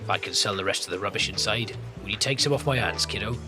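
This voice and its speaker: A man's voice: lowish voice, quick pace, over music, lightly acted. A man voicing a chatty old seaside shed keeper in a cozy game, with a homely, rambling manner.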